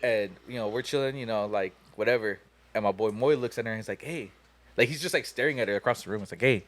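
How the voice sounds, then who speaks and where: A man's voice: fairly low pitch, quick pace, a bit bright. A young man hosting a podcast, telling a long story casually, profane and laughing as he goes. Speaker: podcast host.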